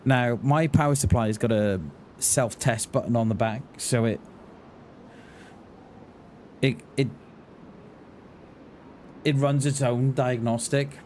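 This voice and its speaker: A man talks slowly and loosely while he streams a game, stopping often and repeating himself. His pitch sits in an ordinary middle range. Steady game noise runs clearly under his voice. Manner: rambling, hesitant, repeats words. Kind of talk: casual live-stream chat.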